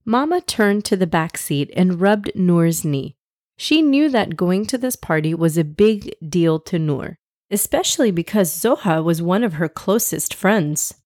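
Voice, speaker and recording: A woman's voice: fairly low pitch, lively intonation, a little slow, dry recording, clean studio sound. A woman hosting and narrating a children's story podcast, upbeat and talking straight to young listeners. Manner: warm, upbeat, addresses kids directly.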